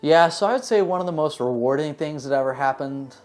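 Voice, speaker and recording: Relaxed rambling man telling work stories. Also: fairly high pitch, brisk, soft background music. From United States. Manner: relaxed, rambling, many "you know" fillers. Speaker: dentist. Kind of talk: casual interview answers, storytelling.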